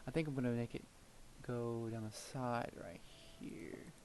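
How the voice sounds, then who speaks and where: A man's voice: medium pitch, fairly even intonation, a little slow, darkish tone, slight background noise. A man chatting casually over his own gameplay, rambling from one story to the next. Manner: rambling and chatty, with frequent fillers and laughs. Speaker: gameplay video creator.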